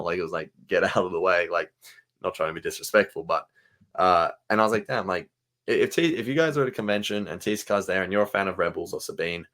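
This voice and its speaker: Man, very deep voice, podcast co-host, casual, enthusiastic, filler-heavy. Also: a bit bright.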